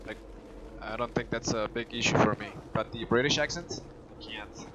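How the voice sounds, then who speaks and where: A man's voice: fairly low pitch, normal speed, background noise. Chatty man with a heavy Spanish accent. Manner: chatty, thinking aloud with restarts. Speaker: gaming streamer. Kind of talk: casual gameplay chat. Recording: game music behind the voice. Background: game music.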